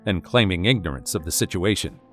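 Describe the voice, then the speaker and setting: A man narrating a video in a scripted, even voice-over. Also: low voice, fairly quick, over loud music.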